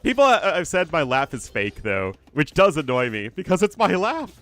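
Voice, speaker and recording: A man's voice: on the high side, wildly swooping pitch, normal speed, a bit bright, faint music behind. A man with a General American accent casting a live strategy game and chatting with viewers between plays. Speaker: esports caster.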